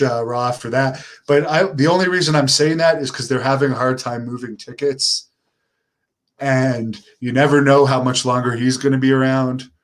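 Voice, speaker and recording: Low-key middle-aged man chatting. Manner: relaxed, low-key and unenthusiastic delivery. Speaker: host answering viewer questions. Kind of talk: casual live-stream chat.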